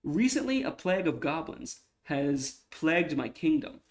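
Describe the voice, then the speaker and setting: A man's voice: on the high side, big pitch swings, moderate pace. A man reading aloud as a weary, troubled king in a comic, in much his own voice. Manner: reads the lines plainly, close to his own voice.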